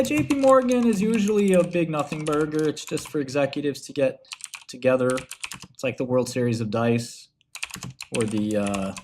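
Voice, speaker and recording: A man of middle pitch hosts a relaxed livestream in a loose, slangy way, calling his listeners bro. Keyboard clicks tap away faintly behind him. He keeps his delivery offhand and conversational. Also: a little hiss or hum. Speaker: finance streamer and host. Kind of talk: casual livestream chat while browsing research.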